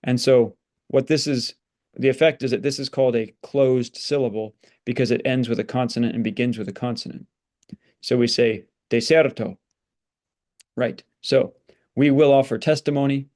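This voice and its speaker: A man of middle pitch teaching a Latin lesson. He reads example sentences, translates them and breaks words into syllables in a patient, explanatory way. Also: a little mellow.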